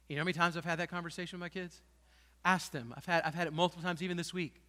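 A man's voice: on the high side, steady tone, very fast, sharp tone, in a large hall. A man, a pastor, preaching a sermon with passion and emphatic peaks, in a church sanctuary.

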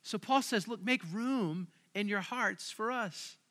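A man's voice: sits high, slow, sharp tone. A man preaching a sermon at a church service, talking in a conversational, emphatic way and asking the crowd questions. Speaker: pastor.

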